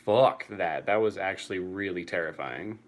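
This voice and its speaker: A man's voice: low voice, moderate pace. A young man answering chat casually on a live stream, swearing freely and laughing often.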